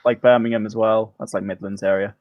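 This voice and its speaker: A man's voice: fairly low pitch, little pitch movement, brisk, a little mellow, no room sound, muffled recording. A man co-hosting a casual chat, playful and fond of joke answers. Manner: joking, playful with mock answers. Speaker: co-host.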